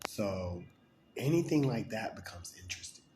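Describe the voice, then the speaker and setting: A lowish male voice talks on and on, slipping into little voices for the people he quotes. The room rings with echo, and a faint hiss runs underneath. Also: lively intonation, darkish tone. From New York. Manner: acts out overheard chatter in quick shifting voices; laughs often between thoughts. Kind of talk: rambling personal monologue.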